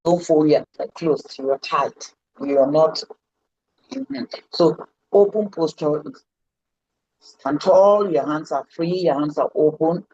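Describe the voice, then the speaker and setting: A woman's voice: deep voice, slow pace, dark tone, breathy edge, dry recording, muffled recording. A woman coaching public speaking in a live online lesson, stressing and repeating her key words. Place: indoors, seated.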